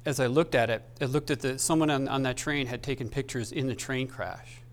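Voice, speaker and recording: A man preaching a sermon as pastor, speaking haltingly and with feeling, with many restarts, into a microphone. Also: mid-range voice, steady tone.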